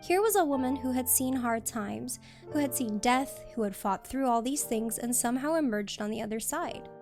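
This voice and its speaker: A woman streamer reads a novel aloud in a steady storybook manner. Her voice sits fairly high. Quiet music plays faintly underneath. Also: normal speed.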